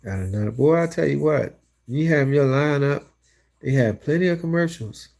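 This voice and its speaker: A man hosting a music session, making relaxed, offhand comments between songs with small hesitations. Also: a little high, moderate pace, creaky. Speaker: host playing music. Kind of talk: casual remarks between songs.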